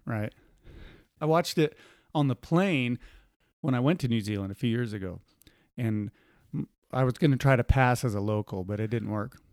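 A man's voice: mid-range voice, moderate pace, darkish tone, no echo. A man hosting a podcast in casual chat, rambling with asides and restarts into a studio microphone. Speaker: podcast host.

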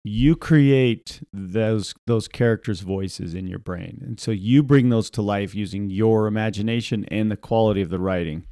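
A man co-hosting a podcast in casual chat, animated and quick to laugh, slipping into voices while telling stories. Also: on the low side, no echo, clean studio sound. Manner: animated, laughs often, imitates voices mid-story. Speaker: podcast co-host.

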